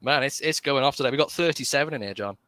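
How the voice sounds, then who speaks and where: A man with a British accent co-hosting a livestream, playful and quick to laugh in casual banter over a video call. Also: medium pitch, sharp tone. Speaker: co-host.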